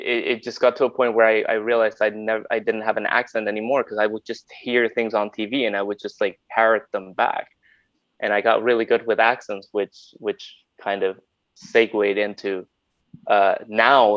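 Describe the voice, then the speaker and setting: A man's voice: fairly low pitch, fairly bright tone, no room sound. A man from Honduras whose first language is Spanish, a podcast guest chatting playfully and fond of putting on voices. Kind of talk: casual chat. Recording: dull dry lo-fi audio.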